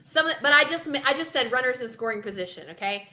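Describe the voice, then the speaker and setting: A woman co-hosting a casual sports podcast, talking in a dramatic, animated, self-mocking way. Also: high-pitched, fast talker, echoey room. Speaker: podcast co-host.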